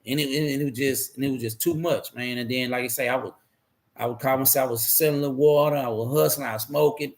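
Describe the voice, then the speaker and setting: A man's voice: mid-range voice, steady tone, fast. A man candidly telling his life story in a rambling, profane way, repeating himself as he goes.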